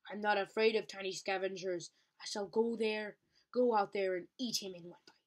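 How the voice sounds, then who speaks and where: A woman's voice: medium pitch, fairly even intonation, moderate pace, lightly acted. A small, eager young female dragon puts on airs as a mighty queen, mock-grand and playful. A woman reads her aloud in a storybook reading. The voice stays fairly close to an everyday one. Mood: playful pompous.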